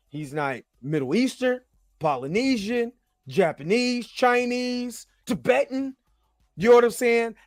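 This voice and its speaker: Fields: Sex: man. Pitch: very high. Style: animated rant. Mic: dry, close. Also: dry recording. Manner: animated, repeats himself, swears. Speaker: show host. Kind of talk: ranting pop-culture commentary.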